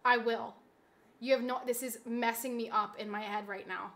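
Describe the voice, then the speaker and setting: Bright high-voiced woman streamer, pleading dramatically. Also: fairly even intonation, normal speed. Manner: pleading, dramatic, swings from pleading murmur to shouting. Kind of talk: casual live-stream chat.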